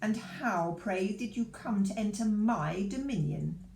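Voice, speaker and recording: A woman's voice: medium pitch, expressive, unhurried, gravelly, a little mellow, reverberant, slight background noise. A woman voicing a cold, imperious witch queen who speaks in a haughty, commanding way.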